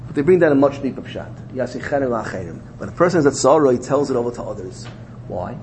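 A man's voice: medium pitch, fast, a little hiss or hum, rough recording. Man giving a sing-song Torah lecture. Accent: Yeshivish English. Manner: sing-song learning cadence, animated rises and drops. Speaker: rabbi teaching Torah.

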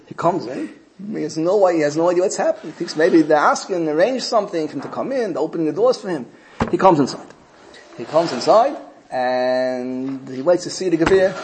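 A man's voice: fairly high pitch, fairly quick, a little hiss or hum. A man telling a story to a group, repeating phrases as he goes. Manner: animated, repeats phrases, acts out quotes.

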